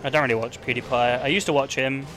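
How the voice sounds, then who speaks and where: A man's voice: mid-range voice, steady tone, fast, fairly bright tone, faint music behind. A young man chatting offhand to his stream while gaming, rambling and swearing, full of "like.". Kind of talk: casual livestream chat while gaming.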